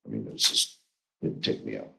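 A man's voice: a little fast, pushed and bright, roomy sound, low-quality recording. A man from the congregation giving a hesitant spoken testimony, often restarting his sentences. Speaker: congregation member sharing testimony.

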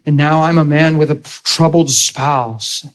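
A middle-aged man preaches a sermon with emphatic storytelling energy, calling on listeners for a response as he drives his point home. His voice sits a little higher than most men's, with fairly even intonation and a slightly slow pace, and the audio quality is poor.

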